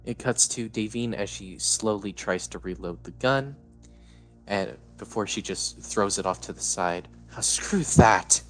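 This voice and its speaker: Deep-voiced male storyteller. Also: unhurried, a bit bright, faint music behind, low-quality recording. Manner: plain narration with filler "uh". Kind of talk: live narrated story.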